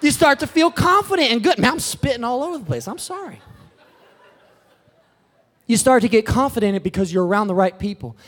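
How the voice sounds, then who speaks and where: A male preacher giving a high-energy sermon, shouting out exclamations. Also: lively intonation, brisk, long pauses.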